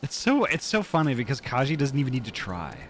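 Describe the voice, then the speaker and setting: A man's voice: medium pitch, huge pitch swings, quick pace, a little hiss or hum. A man streaming a video game, chatting casually and joking with his co-player. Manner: playful, joking, laughs easily. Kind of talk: casual gameplay chat. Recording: game music behind the voice.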